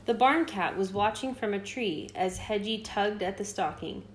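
A woman hosting a children's read-aloud, telling the story gently and expressively. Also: medium pitch, normal speed, noisy background. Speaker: host reading to children.

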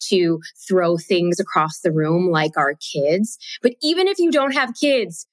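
A woman, a mother and author, telling a personal story as a guest in an expressive way, laughing now and then mid-sentence. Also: on the low side, measured pace, no echo.

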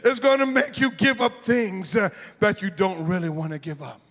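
Male preacher with a very high voice, sing-song chanted sermon, echoing church hall, soft organ music behind. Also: expressive, moderate pace. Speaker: pastor. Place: church sanctuary. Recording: live church hall with reverb and faint music.

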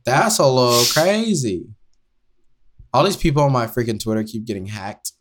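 A man hosts a podcast in loose, goofy banter, wandering off on jokey tangents. His pitch swings about freely as he talks. The sound is close and plain, as if he were speaking into a podcast mic. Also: animated, moderate pace. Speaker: podcast host.

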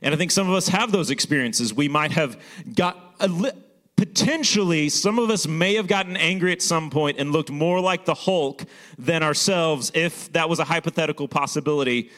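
A man's voice: a little high, lively intonation, moderate pace, a bit bright. A young man preaching a sermon as pastor, in a casual storytelling manner with many fillers.

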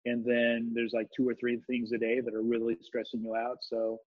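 A man as a guest on a casual interview podcast, talking in a halting, low-key way with lots of fillers. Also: completely flat delivery, no room sound. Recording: dull dry lo-fi sound.

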